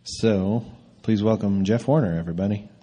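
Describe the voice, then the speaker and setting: Man, service leader, fairly low voice, halting intro full of fillers. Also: mellow, slight background noise. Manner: hesitant, many fillers. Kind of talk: casual introduction.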